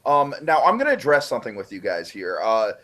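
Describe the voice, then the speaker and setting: A man's voice: mid-range voice, sing-song, brisk, a bit bright. A man hosting a casual recap discussion, opinionated and emphatic, now and then breaking off with apologetic asides.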